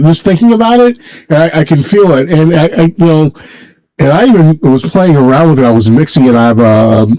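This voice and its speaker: A man hosting a casual solo livestream from home, rambling and halting, talking in a sentimental way. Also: medium pitch, dark tone, low-quality recording. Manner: rambling, halting, many restarts; emotional, sentimental. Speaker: livestream host.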